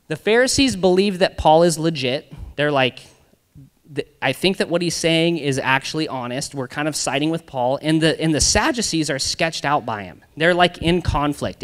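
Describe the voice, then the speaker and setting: A man's voice: on the high side, fairly bright tone. Young man preaching in an echoing hall. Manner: casual and conversational, slangy asides. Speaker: youth pastor. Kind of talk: youth group sermon. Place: church hall. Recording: long reverb of a church hall.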